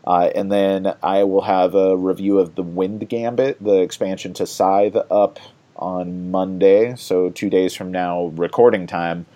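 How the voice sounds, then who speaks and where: Man, lowish voice, casual podcast host; rambling, chatty, laughs a lot. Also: steady tone, measured pace, mellow. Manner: rambling, chatty, laughs often, many fillers. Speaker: board game reviewer and podcast host.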